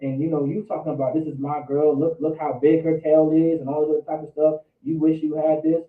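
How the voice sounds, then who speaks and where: A man's voice: a little high, flat delivery, fast. Slangy preaching man in an echoey room. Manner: loose slangy preaching, repeats words. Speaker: Bible class teacher. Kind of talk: preaching Bible study. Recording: echoey room, distant phone-like mic.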